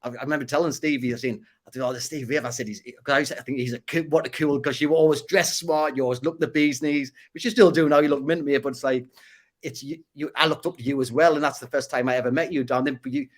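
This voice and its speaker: Geordie man, guest, rapid rambling storyteller, stumbles over words. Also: medium pitch, fairly even intonation. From Northeast England. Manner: rapid, repeats and restarts words. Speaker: podcast guest. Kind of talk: casual interview storytelling.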